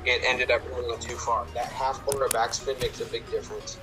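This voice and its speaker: A man hosting casual commentary, calmly explaining his shots step by step while he plays. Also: medium pitch, fairly quick, over music, low-quality recording. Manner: relaxed, explaining tips step by step. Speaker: host.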